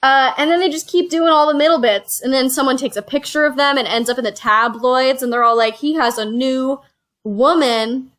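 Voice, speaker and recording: Female host, higher-pitched, animated storyteller, casual phone-recorded chat. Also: quick pace, hardly any pauses. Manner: animated storytelling, slipping into quoted voices. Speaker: reviewer and show host. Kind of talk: casual chat, retelling a movie plot. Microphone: phone used as camera.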